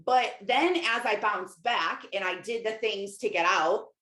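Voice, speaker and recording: A middle-aged woman who hosts a podcast as a Christian life coach speaks in an unhurried, medium-pitched, fairly bright voice. Her casual confessional monologue is chatty and rambling, packed with fillers and quotes of her own words, and the recording has a roomy echo.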